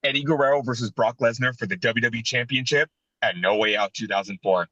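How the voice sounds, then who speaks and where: A man in his thirties co-hosting a casual wrestling podcast, telling animated, sentimental stories. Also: mid-range voice, fast talker, dry recording, muffled recording. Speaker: podcast co-host.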